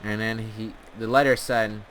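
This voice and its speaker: A man telling an absurd comic story in a meandering, deadpan way, full of filler words. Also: lowish voice, moderate pace, a little hiss or hum. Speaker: storyteller host.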